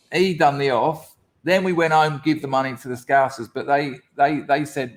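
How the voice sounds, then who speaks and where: A man's voice: on the high side, moderate pace. Blunt, sweary man telling his story. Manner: blunt, sweary storytelling, acts out quoted voices. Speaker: podcast guest. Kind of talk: candid storytelling interview.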